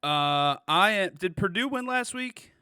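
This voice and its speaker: Bright-voiced joking man on a podcast. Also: high-pitched, animated, a little slow, clear, resonant tone, no echo, clean studio sound. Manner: jokey, slips into a mock sideline-reporter voice. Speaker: podcast co-host. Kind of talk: casual chat.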